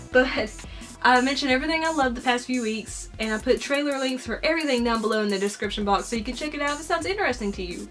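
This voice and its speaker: A woman's voice: sits high, quick pace, a bit bright, soft background music. Chatty Southern American young woman. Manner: chatty and gushing, with fillers. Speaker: vlogger. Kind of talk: casual chat.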